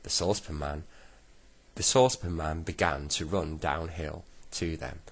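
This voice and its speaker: A man with a very deep, husky voice reads a children's story aloud at an unhurried pace. His delivery stays gentle and measured. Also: steady tone. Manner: slow, gentle storybook reading with voiced characters. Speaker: reader. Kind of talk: reading a children's book aloud.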